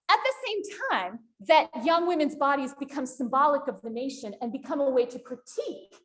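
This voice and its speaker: A woman lecturing at a university panel, asking the audience questions as she goes. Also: high voice. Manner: animated, asks the audience questions.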